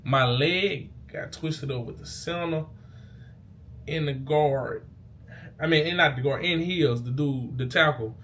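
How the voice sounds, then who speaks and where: Young man telling an animated story. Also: a little high, measured pace, slight background noise. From Mississippi. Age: young adult. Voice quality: slangy, animated storytelling, loud bursts at the peaks. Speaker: vlogger. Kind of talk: casual storytelling to camera. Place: indoors, talking into a mirror.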